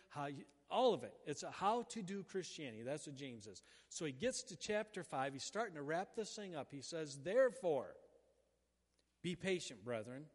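Man, middle-aged, pastor, conversational sermon, acted-out prayer asides, slightly high voice, echoing church hall. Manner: conversational preaching, acts out prayers in quick asides. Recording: hall reverb.

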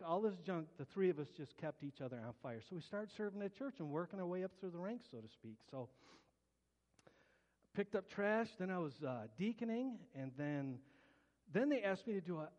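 Male pastor, testimony sermon, fairly high voice, long hall reverb, earnest and plainspoken. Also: dull audio. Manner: earnest, colloquial storytelling with stammered restarts.

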